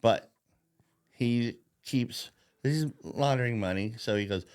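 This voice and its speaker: Give me a mocking, foul-mouthed man of middle pitch who rambles and chuckles at himself while ranting on a podcast. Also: slow, darkish tone, clear, resonant tone. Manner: profane, rambling, laughs at his own jokes. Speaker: podcast host. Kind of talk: casual political rant.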